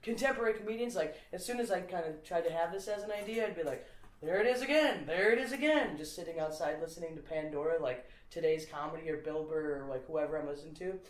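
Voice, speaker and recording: A woman's voice: deep voice, fast, hardly any pauses, a little mellow, reverberant, low-quality recording. A woman in a casual conversation, rambling as she explains an idea and filling her talk with "like". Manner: rambling, with many fillers of "like". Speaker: podcast guest explaining a comedy idea.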